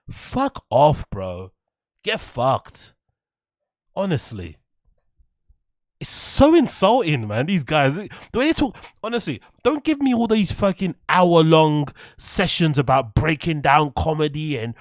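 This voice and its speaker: A British man rants as a podcast host, swearing freely and laughing at his own jokes. His voice sits a little high for a man. The recording is close and dry, with no room sound. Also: sing-song, a little slow, no echo. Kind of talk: ranting comedic commentary.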